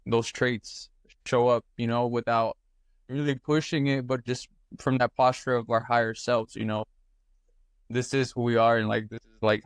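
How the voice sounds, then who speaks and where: A man speaking earnestly on a casual group call, halting with many fillers. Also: medium pitch, clean tone, no room sound, studio quality. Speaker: mastermind group member.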